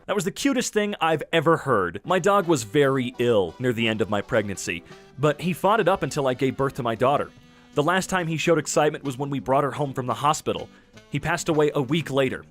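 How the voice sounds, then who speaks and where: A man's voice: mid-range voice, expressive, brisk, fairly bright tone, faint music behind. A young man reads posts aloud and reacts with playful, wisecracking asides. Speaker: YouTuber reading Reddit posts.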